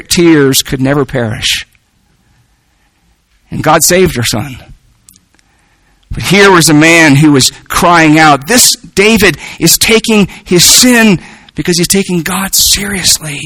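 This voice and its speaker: A male preacher with a high, bright voice delivers a sermon earnestly, circling back over his words as he builds each point. The sound is close and dry. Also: takes it slowly, no echo, low-quality recording.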